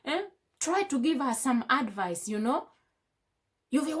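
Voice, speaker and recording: Young woman venting to her viewers while doing makeup, high voice, lots of rhetorical questions. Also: lively intonation, measured pace, long pauses. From Africa. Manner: impassioned, full of rhetorical questions. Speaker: beauty vlogger. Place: indoors at home.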